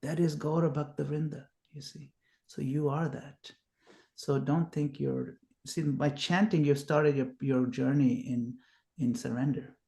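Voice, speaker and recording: A man's voice: a little high, steady tone, unhurried, creaky, dark tone. A man teaching a devotional class, patiently explaining terms and reassuring a student.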